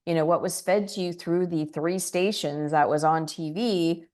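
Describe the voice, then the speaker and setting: A woman in her fifties, a spiritual teacher chatting as an interview guest and telling lively stories with little acted-out voices. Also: on the low side, moderate pace. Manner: animated storyteller, acts out quoted voices. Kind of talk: casual interview chat.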